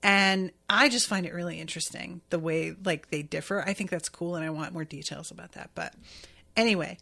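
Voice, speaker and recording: A woman hosting a podcast, casually recapping an anime episode in a chatty, animated way, often acting out what characters say. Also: on the low side, fairly quick, vocal fry. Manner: chatty, animated retelling with quoted voices. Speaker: podcast host.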